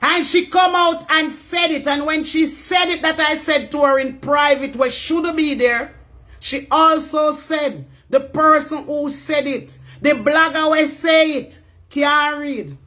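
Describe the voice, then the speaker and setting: Woman, Jamaican accent, livestream rant, angry, shouting, high voice, sharp bright tone. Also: fairly even intonation, slow. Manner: angry, shouting, repeating herself. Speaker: livestream talker.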